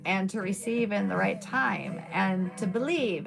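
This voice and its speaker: A woman's voice: mid-range voice, unhurried, creaky, music in the background. A woman chatting casually on a live stream, rambling with many fillers, her throat a little scratchy. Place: at home at a table. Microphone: device mic without boom arm.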